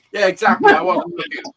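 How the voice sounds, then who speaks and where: A man with a high-pitched, husky voice hosts a live stream over a video call. He tells stories with animated energy, swearing freely in casual banter.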